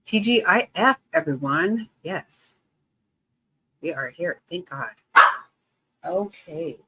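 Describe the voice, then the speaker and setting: A woman hosting a casual livestream, greeting her viewers by name in a bubbly, excitable way and laughing often. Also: on the low side, slow, background noise. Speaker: livestream host.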